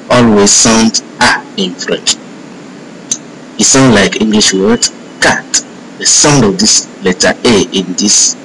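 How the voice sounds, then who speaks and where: A man gives a French lesson in a fairly low voice, going through his slides word by word. He speaks very slowly and says each example twice. A faint rumble sits under the recording. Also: vocal fry, fairly bright tone, poor audio. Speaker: French teacher. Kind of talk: slow spoken lesson with repeated example words.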